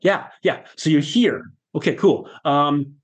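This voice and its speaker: A man's voice: fairly high pitch, slightly rough. A man putting on a sneering sarcastic inner voice. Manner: needling, rapid-fire interrogating questions. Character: sarcastic mocking male inner voice. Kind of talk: acted quote in a podcast interview.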